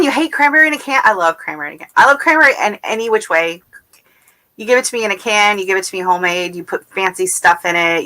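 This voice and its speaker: Chatty woman hosting a livestream. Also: mid-range voice. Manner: rambling, warm chatter full of fillers and restarts. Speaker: gardening channel host. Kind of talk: casual livestream chat, reading viewer comments. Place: at home.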